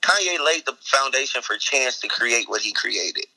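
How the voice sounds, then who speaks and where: A man's voice: medium pitch, expressive, normal speed, sharp tone, poor audio. A man from Chicago, a comedian and actor, chatting as a guest in an upbeat way and laughing easily. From Chicago, USA. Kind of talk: casual interview chat.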